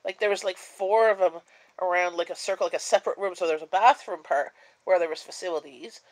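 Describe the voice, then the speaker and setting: A woman's voice: fairly low pitch, a little fast, rough recording. A woman hosting a casual live-stream chat, sleepy and yawning, rambling along with plenty of fillers. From Canada. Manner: rambling and chatty, many fillers.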